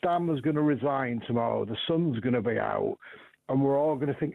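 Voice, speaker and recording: A man's voice: a little high, expressive, moderate pace, vocal fry, darkish tone, no room sound, low-quality recording. A man calling in to a radio talk show, blunt and scornful. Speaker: caller. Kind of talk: phone-in radio call.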